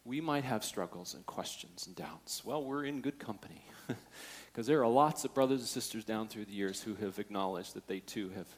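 In his sermon, a man with a fairly low, slightly rough voice moves from hushed, near-whispered stretches to loud, fervent peaks, performing the quotes he tells. He speaks at a normal speed.

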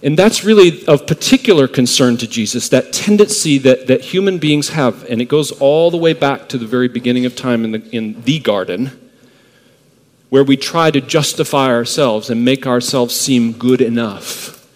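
A man's voice: mid-range voice, moderate pace. Emphatic male preacher in a reverberant hall. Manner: emphatic, builds to fervent rises on key phrases; repeats words while searching for phrasing. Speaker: pastor. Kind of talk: sermon.

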